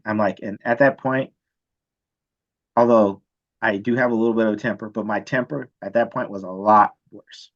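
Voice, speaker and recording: A man teaching chemistry, telling a story from his student days in a casual, animated way and checking in with "right?" often. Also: on the low side, normal speed, dull audio. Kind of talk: storytelling lecture.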